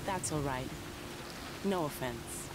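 An actress voicing a weary middle-aged mother in a video game, stranded with a flat tire and talking in a folksy, wry way. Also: low-pitched, takes it slowly, a little hiss or hum. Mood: sad.

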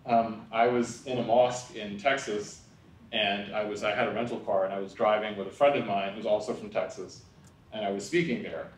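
A man's voice: lowish voice, fairly even intonation, moderate pace, a little hiss or hum. A young man from New York giving a conversational public lecture, often asking "right?" and adding wry asides. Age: young adult. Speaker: public speaker. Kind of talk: lecture talk with humorous asides. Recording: echoey hall, voice from far off.

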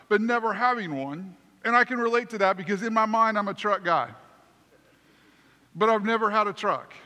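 A man preaching a sermon as pastor, telling a story in an animated, self-deprecating way. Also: high-pitched. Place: church sanctuary. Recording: long church reverb.

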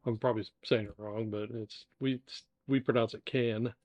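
A man's voice: on the low side, steady tone, brisk, no room sound, muffled recording. An older American man, the father co-hosting a casual home podcast, telling easygoing travel stories with lots of fillers. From United States. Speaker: co-host, the father. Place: indoor dining room.

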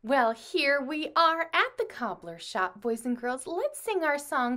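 A woman music teacher leading a children's lesson, speaking slowly and encouragingly to the kids. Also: on the high side, big pitch swings, sharp tone. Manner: slow, encouraging, addresses children.

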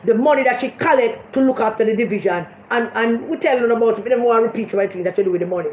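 A high-voiced Jamaican woman rants about local politics in a blunt, mocking way, dropping into patois. Her voice rings around a roomy space, and the recording sounds slightly dull. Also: racing, few pauses, slight background noise. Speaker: political commentator. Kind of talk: casual political commentary vlog.

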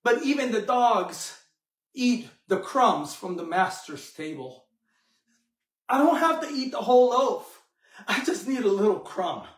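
A man's voice: high voice, sing-song, unhurried, recorded from a distance. A man voicing a pleading desperate mother. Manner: pleading, insistent. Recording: echoey room, mic from afar.

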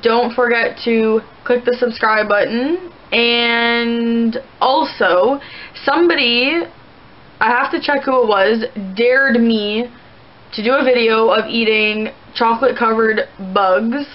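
Young woman, slightly high voice, casual rambling vlog chat, muffled recording. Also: slow pace. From Canada. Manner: rambling, chatty, many "like" fillers. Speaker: vlogger answering viewer questions.

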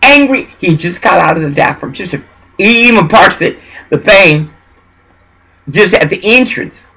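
A man's voice: high-pitched, animated, measured pace, vocal fry, pushed and bright, breathy edge, poor audio. A man from Texas, talking in a preachy, meandering monologue. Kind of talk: rambling monologue.

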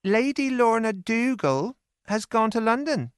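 A soft-spoken young farm girl with a high, sorrowful voice, as a man puts her on. The sound is dry and close up. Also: sing-song, unhurried, clear, resonant tone, no room sound, heavily acted. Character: young farm girl bringing sad news.

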